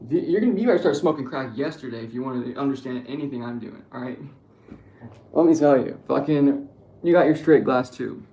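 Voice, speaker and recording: In an echoey room with faint noise, a young male streamer rambles through crude jokes in a casual, profanity-filled monologue. His medium-pitched voice has a dark tone, lively intonation, and a slightly quick pace.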